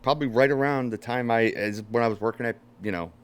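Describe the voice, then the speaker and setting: Here a podcast host with a medium-pitched voice and clean tone recounts a story at a quick pace. His casual, animated telling is full of swearing, and he loudly acts out the lines people said.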